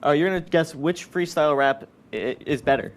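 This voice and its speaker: A man's voice: a little high, brisk, slight background noise. A young man co-hosting a student campus TV show, joking and playful in casual studio chat. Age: young adult. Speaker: co-host.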